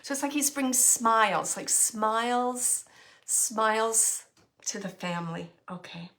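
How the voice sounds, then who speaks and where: A woman with a bright, clear-toned voice gives a psychic reading. She speaks haltingly, feeling her way through each impression and thinking aloud, and laughs often as she relays what she senses. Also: a little high. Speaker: psychic medium.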